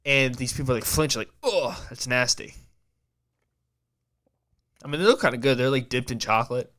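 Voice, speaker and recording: Guy rambling on his podcast, stutters a lot, keeps restarting, smooth clear voice. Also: mid-range voice, fast, a bit bright. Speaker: podcast host. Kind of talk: casual rambling monologue.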